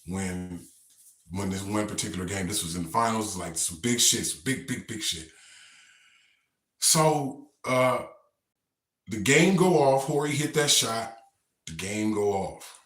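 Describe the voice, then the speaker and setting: A man casually telling a story in relaxed slang, rambling and repeating himself. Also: on the low side, measured pace, pauses often, echoey room. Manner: laid-back, slangy, rambling.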